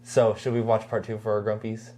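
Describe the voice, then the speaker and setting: A woman's voice: rumbling low, completely flat delivery, brisk, warm tone. A young adult woman co-hosting a podcast in casual chat, talking with lots of fillers and frequent laughs. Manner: chatty, laughs often, full of "like" fillers. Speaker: podcast co-host.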